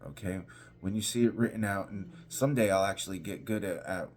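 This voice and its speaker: A pastor teaching an informal devotional, talking conversationally with restarts and emphatic repetition. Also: male voice, on the low side, brisk.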